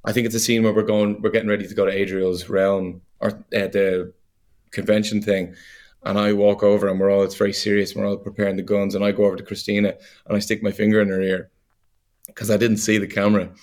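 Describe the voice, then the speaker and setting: Low-voiced Irish man telling stories. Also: quick pace. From Ireland. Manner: animated storyteller, laughs easily, many fillers. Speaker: actor guest. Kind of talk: casual interview chat.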